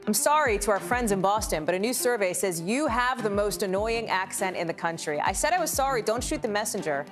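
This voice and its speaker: A woman's voice: medium pitch, lively intonation, brisk, over music. A woman anchoring a live news show, reading stories in a conversational way with chatty asides.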